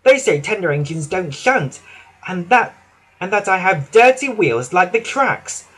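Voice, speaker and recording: A man voicing a gentle, polite engine in a children's storybook, soft and pleading. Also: sits high, very animated, unhurried, husky, pitched above the performer's own voice, exaggerated voice. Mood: plaintive. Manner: timid, pleading. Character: gentle, polite old blue tank engine.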